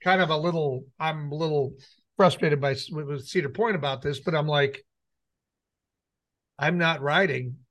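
High-voiced middle-aged man telling a story. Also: moderate pace, pauses often, fairly bright tone. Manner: rambling anecdote with acted-out quotes. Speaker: radio show co-host. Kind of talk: casual storytelling chat.

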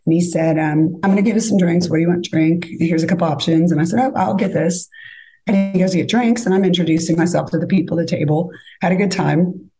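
A woman's voice: lowish voice, fast talker, rough recording. A woman casually telling a dating story as a podcast guest, acting out the lines of others. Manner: animated, acts out quoted lines.

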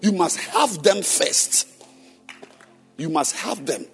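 A man preaching to church leaders, questioning members of the congregation and then shouting his points. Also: high voice, animated, slow, soft background music. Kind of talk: sermon. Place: church hall.

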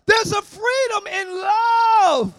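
A man preaching a sermon as pastor, often shouting. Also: very high voice. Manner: shouting, sing-song preaching with call-and-response. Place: church service, before a congregation.

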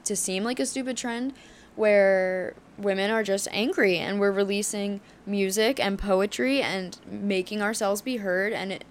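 A woman's voice: mid-range voice, a little hiss or hum. Heated, candid young woman podcaster. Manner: candid and heated, swearing, with many fillers. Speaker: podcast host. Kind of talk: solo podcast monologue.

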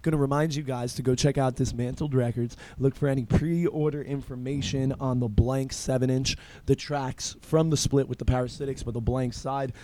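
A man's voice: mid-range voice, steady tone, moderate pace, hardly any pauses, mellow, slight background noise. A man hosting a casual podcast, telling profane stories with lots of laughter and acted-out quotes. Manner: profane, laughing storyteller who acts out quotes. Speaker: podcast host. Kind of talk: casual chat.

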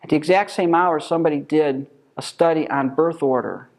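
A man's voice: fairly high pitch, fairly quick, creaky, darkish tone. Emphatic man teaching a Bible class. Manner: emphatic, asks rhetorical questions.

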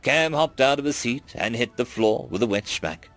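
A man narrating a first-person science fiction story in a wry, expressive way. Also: mid-range voice, moderate pace, faint music behind. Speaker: audiobook narrator.

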